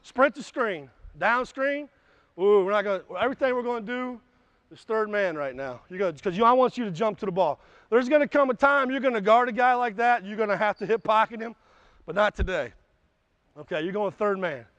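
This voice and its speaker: High-voiced coach barking drills. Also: male voice, fairly quick, dry recording. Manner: barks short commands, shouts during drills; blunt, profane, folksy explanations. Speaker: basketball coach. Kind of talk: coaching clinic with live drills. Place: gym. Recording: dull, slightly lo-fi sound.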